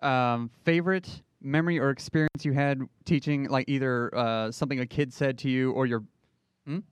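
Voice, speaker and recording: A man's voice: mid-range voice, steady tone, normal speed, smooth, no echo. A man co-hosting a casual interview chat, hesitant and searching for words as he asks questions.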